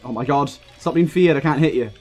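A man's voice: fairly high pitch, fairly quick, a little mellow, soft background music. A young man giving live gameplay commentary, ranting heatedly and swearing often as he plays. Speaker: gaming video creator.

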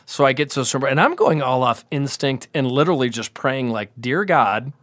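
A brewery sales rep from Spearfish, South Dakota, appears as a guest, telling a touring story in casual chat and acting out the voices of the people he quotes. His mid-range voice is brisk with a fairly bright tone, and the recording is dry. He's in a home room with dogs around.

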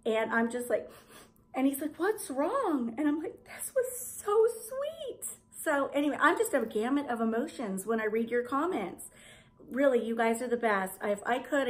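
A middle-aged woman, chatting to camera in a gushing, rambling way about home decorating. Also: a little high. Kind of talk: casual chat to camera.

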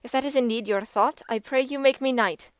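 A woman voicing a calm, steadfast young knight. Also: sits high, brisk, clean tone, dry recording, pitched above the performer's own voice, lightly acted. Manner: calm and resolute. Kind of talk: audiobook reading.

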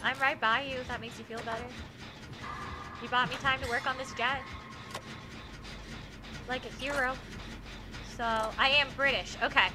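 High-voiced chatty woman streamer. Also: steady tone, moderate pace, pauses often, over music. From United States. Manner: chatty, often yells and screams at the game. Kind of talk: casual gaming stream chat.

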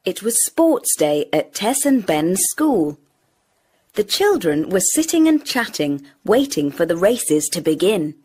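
A woman narrating a children's story in a slow, clear and expressive way. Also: on the low side.

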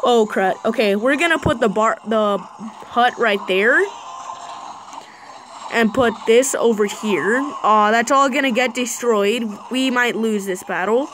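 Woman doing play-by-play on her game, slow and chatty, kinda high voice, faint music behind. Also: background noise. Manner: chatty play-by-play, excited bursts. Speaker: gaming channel host. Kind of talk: live mobile gameplay commentary.

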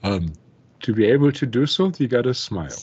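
A man's voice: mid-range voice, lively intonation, a little fast, darkish tone, husky, muffled recording. A man hosting a channeling session, asking questions in an easygoing way. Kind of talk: casual interview.

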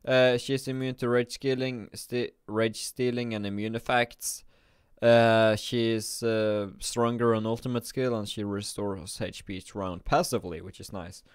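A man's voice: fairly low pitch, fairly even intonation, measured pace, clean tone, dry recording, clean studio sound. A man giving casual game commentary while drowsy from just waking up, thinking aloud and often restarting his sentences. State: drowsy, just woke up and yawning. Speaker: gaming video creator.

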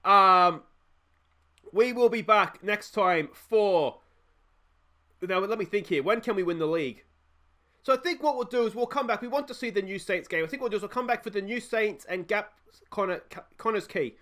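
A young Australian man commentating his own football management game, talking to the players and yelling at the screen when it gets tense. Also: sits high, normal speed. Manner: animated, yells at the screen. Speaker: gaming channel host. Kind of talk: excited let's-play commentary.

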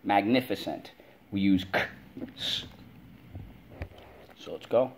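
A man with a lowish voice speaks slowly as he teaches kids spelling. He drills words call-and-response style, drawing each one out syllable by syllable.

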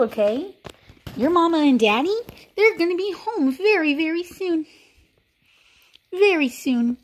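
A woman, filming a casual vlog as a pet sitter and talking to dogs in sing-song baby talk. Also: sits high.

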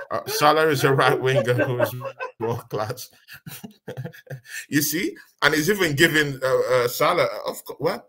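Animated husky man. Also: medium pitch. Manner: animated, exasperated, repeats himself. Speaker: podcast co-host. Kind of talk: casual football chat.

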